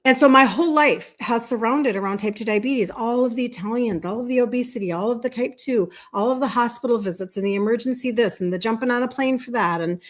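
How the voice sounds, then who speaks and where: A woman's voice: fairly high pitch, fast talker, few pauses. A woman in her fifties with a Minnesota accent, hosting a casual livestream as a health coach and greeting viewers by name. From Minnesota, USA. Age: 50s. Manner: chatty, repeats words, greets viewers by name. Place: indoor room with balloons behind her.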